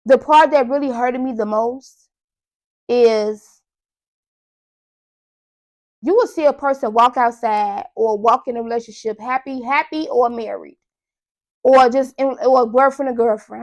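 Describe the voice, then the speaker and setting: A young woman with a high voice hosts her own podcast. She tells a story in a loose, animated way and keeps talking straight to her listeners. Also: moderate pace, long pauses. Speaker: podcast host. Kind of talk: casual monologue.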